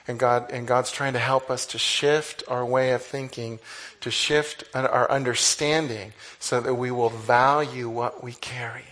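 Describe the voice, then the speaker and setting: A man preaching a conversational sermon, animated, with sudden exclamations. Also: medium pitch, measured pace, few pauses. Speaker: pastor.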